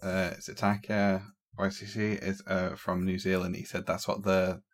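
A man in casual film chat who gets excited about favourite scenes. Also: low voice, moderate pace. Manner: gravelly, husky, gets excited.

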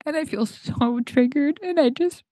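A young woman recording a tearful, halting personal monologue on her podcast mic, crying and sniffling as she searches for words. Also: sits high, dark tone, no echo. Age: young adult. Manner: halting, full of fillers and restarts. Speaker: podcast host. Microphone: home podcast mic.

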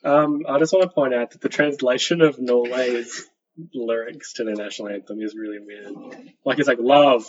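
A man co-hosting a casual podcast, making deadpan wisecracks. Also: medium pitch, moderate pace. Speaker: podcast co-host. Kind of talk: casual chat. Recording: dull lo-fi audio with noise.

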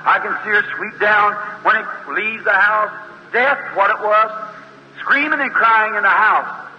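Man preaching, high fervent voice, storytelling sermon, dull lo-fi sound in a reverberant hall. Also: a little slow. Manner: fervent, storytelling with acted dialogue, rising to high exclamations. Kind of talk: fiery revival sermon. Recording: dull lo-fi hall recording with faint hiss.

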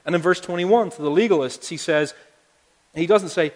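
A man's voice: high voice, moderate pace. A male pastor preaching a sermon, talking conversationally and building to emphatic appeals. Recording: long hall reverb.

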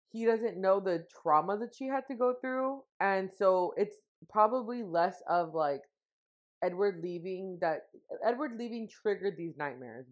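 A young woman co-hosting a podcast, chatting casually and rambling with lots of fillers, getting emotional. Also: fairly low pitch. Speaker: podcast co-host. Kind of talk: casual chat. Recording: dull lo-fi sound.

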